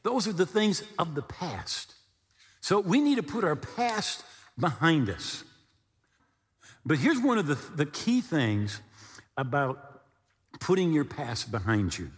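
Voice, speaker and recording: Male pastor, sermon delivery, high and very expressive, echoing sanctuary sound. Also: takes it slowly, pauses often. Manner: animated preaching with acted-out dialogue and humor.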